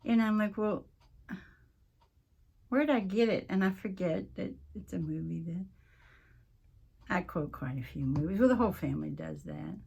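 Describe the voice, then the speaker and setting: A woman's voice: on the low side, normal speed, gravelly, a little mellow, husky. A woman hosting a casual craft tutorial, chatting and rambling as she works, often interrupting herself. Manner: mentions her accent coming and going. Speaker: craft video host.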